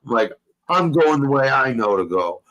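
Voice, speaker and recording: A man's voice: mid-range voice, very animated, normal speed, a bit bright, highs cut off. A young man hosting a casual talk show, telling a rambling story full of profanity and street slang. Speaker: podcast host.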